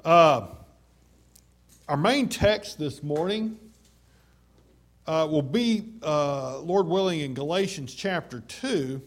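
A man preaching a sermon, slowing down to stress quoted scripture, with frequent "uh" fillers. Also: a little high, lively intonation. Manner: measured and emphatic, slowing down on scripture; many fillers.

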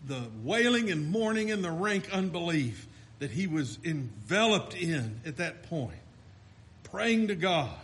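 Fervent high-voiced preacher. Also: male voice, very animated, unhurried, fairly bright tone. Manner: fervent, rising and falling delivery with restarts. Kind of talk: sermon.

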